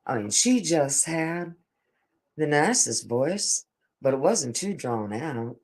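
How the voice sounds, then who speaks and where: A man's voice: fairly high pitch, sing-song, slow pace. An older man telling a casual, meandering story to his camera, often restarting his sentences and stammering over repeated words. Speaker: vlogger.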